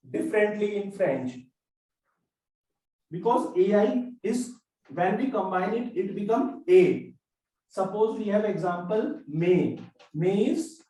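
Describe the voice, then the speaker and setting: Guy teaching french, slow repetitive explaining, loud room echo. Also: high voice. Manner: slow, repetitive explaining with drawn-out example words. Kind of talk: classroom lesson. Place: classroom. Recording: echoey classroom, far from mic.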